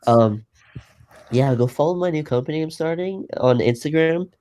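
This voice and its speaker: Mellow-voiced young man on a call. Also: on the high side, moderate pace. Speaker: podcast guest. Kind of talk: casual chat on a video call. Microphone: video call.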